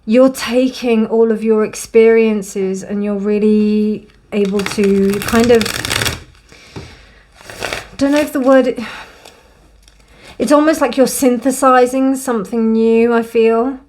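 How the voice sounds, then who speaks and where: A young woman gives a casual, gently emotional tarot card reading in a warm, reassuring way. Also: a little high, steady tone, slow. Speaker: tarot reader.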